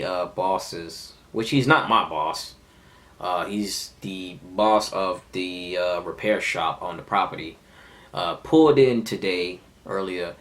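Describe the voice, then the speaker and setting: A man in his twenties telling a heated, profane story of a fight at work in a casual vlog. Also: lowish voice. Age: 20s. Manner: animated, profane, heated retelling. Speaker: vlogger.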